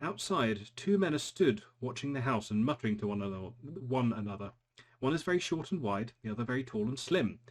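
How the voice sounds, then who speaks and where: A man narrating a tabletop game as game master, halting with frequent ums. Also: mid-range voice, very animated. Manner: hesitant, many ums and restarts.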